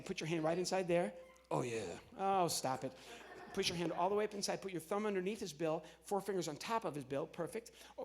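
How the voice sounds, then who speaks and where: A man from New Jersey, a ventriloquist and comedian, cheerfully coaching volunteers on a church stage. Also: high voice. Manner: upbeat, coaxing, gives quick instructions to volunteers. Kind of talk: live comedy stage show. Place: church stage before an audience.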